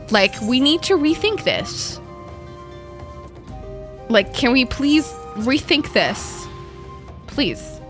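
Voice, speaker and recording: A young woman streamer with a bright, sharp tone and a pitch that swings widely as she rants and swears at her chat. She talks casually while gaming, with a bit of game music playing faintly underneath. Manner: animated, profane ranting.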